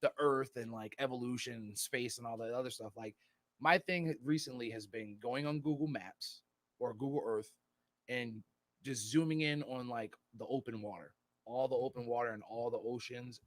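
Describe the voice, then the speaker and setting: A man's voice: medium pitch, normal speed. A man co-hosting a podcast in casual chat, rambling and swearing freely. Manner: rambling, profane, slips into put-on voices. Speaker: podcast co-host.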